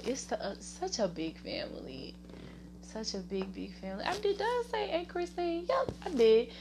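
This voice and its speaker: A woman with a Southern US accent hosting her own podcast, rambling casually, laughing often and giving shout-outs to family and friends. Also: medium pitch, gravelly, background noise. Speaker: podcast host. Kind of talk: casual solo podcast chat.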